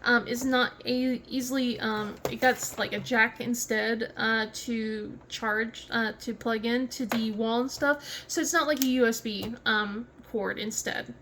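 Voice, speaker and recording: Speaking at a measured pace with few pauses and a steady tone, this woman's fairly high voice carries a Southern American accent, with background noise behind her. She's a craft vlogger from southern West Virginia, chatting casually and rambling with many fillers, restarts and lots of laughter.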